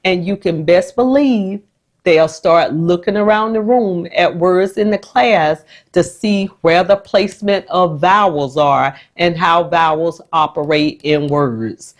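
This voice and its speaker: A woman who is a special education teacher, explaining a phonics technique to the camera in a patient, measured way. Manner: slow, warm and patient, with lively jumps in pitch when acting out the classroom.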